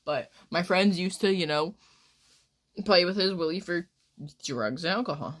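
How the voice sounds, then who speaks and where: Brief: twenties woman streamer, slightly low voice, rambling and crude, casual chat. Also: animated, a little slow. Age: 20s.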